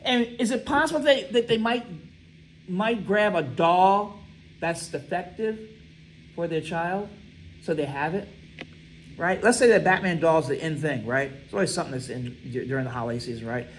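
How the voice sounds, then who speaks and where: A man's voice: high-pitched, moderate pace, slight background noise, low-quality recording. A man teaching a lecture class, reading aloud and asking students to fill in missing words, often checking with "right?". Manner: quizzing, reads text aloud and asks students to fill in words. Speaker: instructor.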